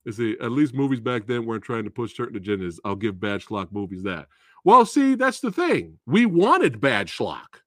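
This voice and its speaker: A man's voice: mid-range voice, normal speed, dry recording, studio quality. A man hosting a live movie Q&A, ranting casually with frequent swearing and laughter. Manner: animated, profane, laughs often, restarts.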